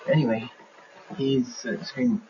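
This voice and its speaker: Speaking in a husky, mid-range voice at an unhurried pace, a man animator animatedly acts out scenes while describing his craft for a documentary. The setting is an animation studio, captured in dull, lo-fi 1970s sound with faint hiss.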